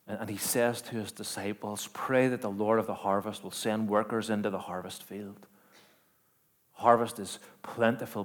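A man preaching a sermon, moving between quiet, measured storytelling and loud, emphatic declarations with rhetorical questions. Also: lowish voice. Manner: dynamic, swings from hushed to emphatic, rhetorical questions.

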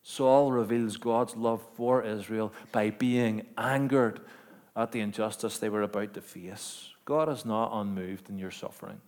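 A man preaching a sermon, moving between quiet, measured storytelling and loud, emphatic declarations with rhetorical questions. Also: lowish voice, fairly even intonation. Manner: dynamic, swings from hushed to emphatic, rhetorical questions.

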